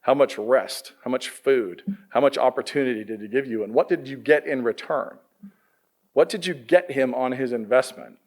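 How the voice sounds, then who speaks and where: A man's voice: medium pitch, normal speed. A middle-aged man giving a conversational sermon to students, quizzing his listeners as he goes. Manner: lively, conversational, quizzes the audience. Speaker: pastor.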